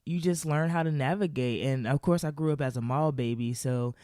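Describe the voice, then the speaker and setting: A woman's voice: low voice, fairly quick, dark tone, no room sound, clean studio sound. A woman vlogger telling a casual comic story to camera, rambling, swearing casually and laughing often.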